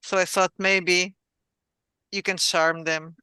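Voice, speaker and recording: A non-native English speaker runs a tabletop game as game master, pausing often on fillers and little laughs. His voice is bright and very clear, recorded dry and close. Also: high voice, little pitch movement, no room sound. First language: not English. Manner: hesitant, laughing, many fillers.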